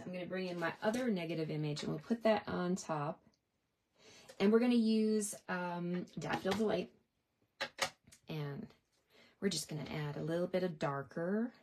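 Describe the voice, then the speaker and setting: A woman hosting a live card-making lesson, chatting to her viewers and cheering them on as she works. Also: fairly low pitch. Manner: chatty, encouraging, talks to viewers. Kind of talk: live craft demonstration.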